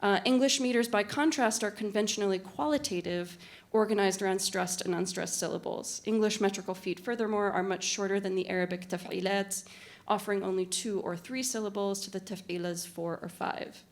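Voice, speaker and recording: A woman delivers a conference talk as a literary translator. She reads from prepared text in a measured, articulate way, at an ordinary mid-range pitch, with the odd "uh" or "um" in between. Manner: measured, articulate reading with occasional fillers. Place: university conference room.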